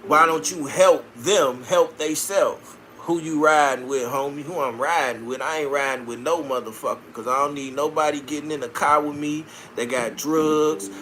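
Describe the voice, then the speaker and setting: Man, from Chicago, profane casual live-stream talk, slightly high-pitched, streetwise banter. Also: normal speed, hardly any pauses, a bit bright, a little hiss or hum. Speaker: livestream host reading viewer comments.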